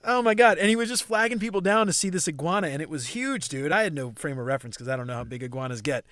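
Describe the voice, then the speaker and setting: A young man hosting a podcast, chatting casually and excitedly, full of slang. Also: a little high, quick pace, dry recording, clean studio sound. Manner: excitable, slangy, says dude a lot. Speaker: podcast host. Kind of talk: casual interview chat.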